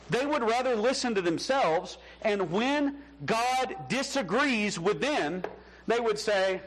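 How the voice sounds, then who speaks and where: A man's voice: extremely high pitch, animated, normal speed, fairly bright tone, poor audio. A man preaching a sermon as pastor in a conversational style, acting out the voices he quotes.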